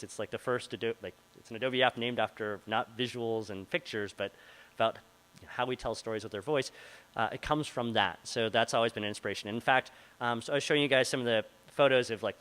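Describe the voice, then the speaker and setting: On a rough recording, a product manager fields questions from a live audience in a meeting room during a meetup Q&A. His mid-range voice is a bit bright and brisk, and his casual answers are packed with likes, ums, and other fillers.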